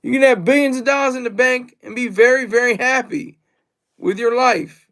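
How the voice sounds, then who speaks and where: A man's voice: very high voice, normal speed, fairly bright tone. A man rambling through a casual livestream monologue, repeating himself and reading out the chat. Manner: rambling and repetitive, reads chat aloud.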